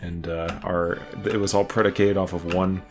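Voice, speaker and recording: Deep-voiced man rambling about games. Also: level tone, normal speed, darkish tone, soft background music. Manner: rambling, laughs often, swears casually. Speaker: podcast co-host. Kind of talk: casual gaming chat.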